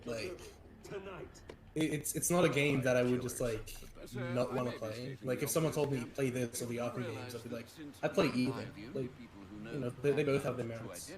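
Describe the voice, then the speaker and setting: A man's voice: mid-range voice, normal speed, a crowd in the background, rough recording. A man chatting casually on a gaming stream, rambling and swearing with many restarts.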